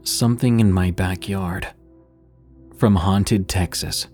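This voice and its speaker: A man reading horror stories in a measured, grave scripted narration, slowing for dramatic pauses. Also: sits low, fairly even intonation, darkish tone, soft background music.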